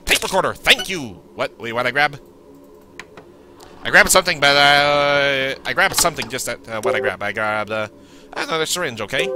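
A man giving chatty gameplay commentary, joking back at the game and yelling in panicked bursts when he is attacked. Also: medium pitch, expressive, normal speed, noisy background. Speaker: let's play gamer.

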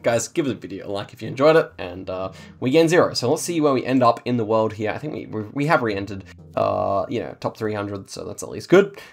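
A man's voice: lowish voice, expressive, a little fast, creaky. A man hosting a gaming channel, giving chatty think-aloud commentary on his gameplay and talking straight to his viewers.

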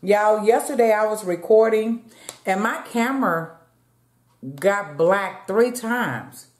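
A mid-range voice at a slow pace belongs to this mukbang vlogger, who eats between lines while chatting casually with her viewers. She calls them "y'all," and the recording has room echo.

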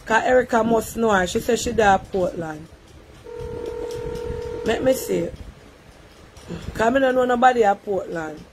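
A woman with a Jamaican accent hosting a live call-in stream, talking briskly and coaxing a caller. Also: on the high side, background noise.

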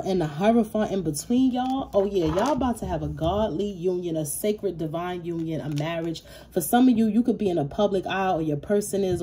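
A woman doing a casual tarot reading to camera, animated and profane, with speech and frequent laughing asides. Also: on the low side, slight background noise. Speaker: tarot reader.

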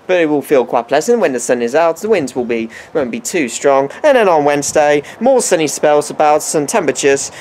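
Man, amateur weather forecaster, put-on American accent, rambling delivery, self-correcting restarts, slightly high voice. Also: slight background noise.

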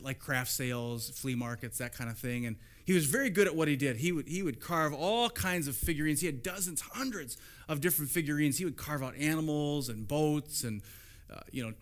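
A man's voice: fairly high pitch, fairly bright tone. A man preaching a sermon as pastor in a church, conversational and storytelling, repeating lines for emphasis.

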